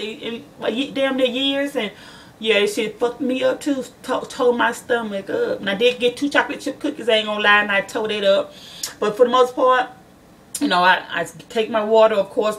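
A woman's voice: on the high side, fairly bright tone, far from the mic. Chatty, cursing woman vlogging to viewers. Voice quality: chatty, swears freely, calls viewers y'all. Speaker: nail and beauty school student vlogger. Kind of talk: casual chat to viewers.

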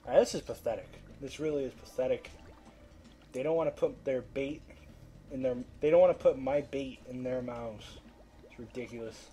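A man's voice: mid-range voice, moderate pace, dark tone, faint music behind. A man giving casual let's-play commentary, swearing and trash-talking the fish as he pleads with them to bite. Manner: profane, trash-talks the fish; coaxing and pleading, then frustrated. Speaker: gameplay commentator.

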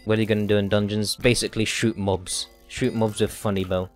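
A man's voice: on the low side, level tone, brisk, faint music behind. A man, a game streamer chatting casually live, joking and whining in a mock-dramatic way at his chat.

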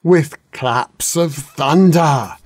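A man's voice: a little high, a little mellow, slight background noise. A man as a droning wise old dragon. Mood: grumbling. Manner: droning, slow. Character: ancient wise old male dragon, grumbling.

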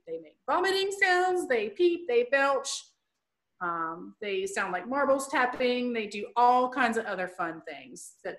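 A woman's voice: fairly high pitch, sharp tone. A woman educator giving an online presentation, explaining things plainly and chattily with playful asides.

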